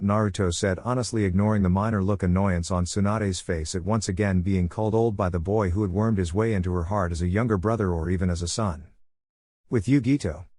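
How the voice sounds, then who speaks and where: A man narrating a fan-fiction story in a steady, even reading voice. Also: sits low, no room sound, studio quality.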